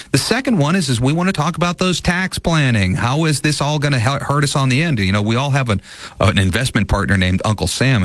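A man's voice: medium pitch, fairly bright tone, no echo. A man hosting a financial advice radio show, talking earnestly in a folksy, casual way.

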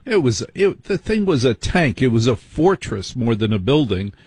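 An American man with a husky, slightly breathy voice talks through a story in a conversational, conspiratorial way. He often breaks off and restarts his sentences. The sound is dry and close, with no room around it. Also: medium pitch, big pitch swings, normal speed, a little mellow, dry recording. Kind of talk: casual conversation.

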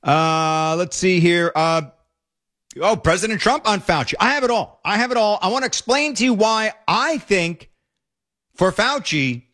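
A man hosting casual political commentary, emphatic and excited as he reacts to clips. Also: sits high, unhurried. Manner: emphatic, excited, fond remarks.

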